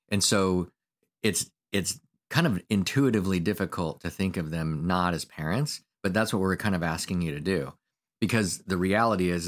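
A man co-hosting a podcast, chatting casually and telling family stories in a relaxed way. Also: low-pitched. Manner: relaxed storyteller, acts out family anecdotes. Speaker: podcast co-host. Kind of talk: casual conversational podcast talk.

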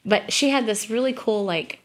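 A middle-aged gospel singer appears as a guest on a podcast, speaking at normal speed in a slightly high voice. She tells a personal story conversationally, earnest and rambling, restarting often.

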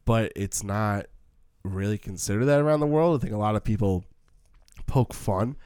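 Smooth low-voiced opinionated man. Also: darkish tone, no room sound, clean studio sound. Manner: opinionated, halting with repeats. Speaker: podcast co-host. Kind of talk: casual film discussion.

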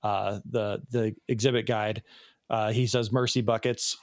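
A man's voice: lowish voice, level tone, unhurried, no room sound, studio quality. A man in his thirties from the Chicago area, co-hosting a podcast and recapping a TV episode in casual, rambling chat with many ums and restarts. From Chicago area, USA. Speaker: podcast co-host.

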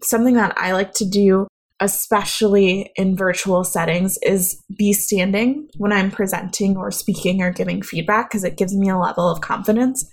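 A woman's voice: mid-range voice, fairly even intonation, normal speed. A woman giving an instructional talk as a speaking coach, conversational and addressing the listener directly with practical advice.

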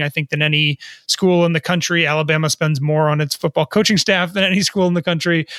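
A man's voice: a little high, a bit bright, no room sound, clean studio sound. A man co-hosting a sports business podcast, thinking aloud with frequent stammers and restarts. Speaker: co-host, sports business reporter. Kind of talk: podcast discussion.

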